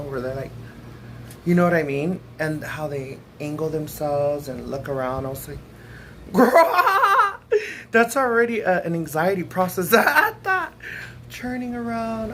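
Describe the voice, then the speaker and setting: Giggly, chatty woman with a low voice. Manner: giggly, breaks into frequent laughter; chatty, keeps calling the viewer "girl". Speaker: vlogger. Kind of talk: casual storytime chat. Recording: noisy background hiss.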